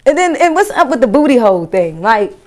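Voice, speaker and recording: A woman comedian riffs, crude and incredulous. Her voice sits a little high and swings up in disbelief. She talks in a loose, profane stand-up rant. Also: sing-song, fairly quick.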